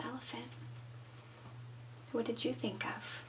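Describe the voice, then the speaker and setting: A woman's voice: on the high side, takes it slowly, long pauses, distant mic, noisy background. A woman teaching young children from home, patiently prompting them to answer. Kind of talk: children's lesson.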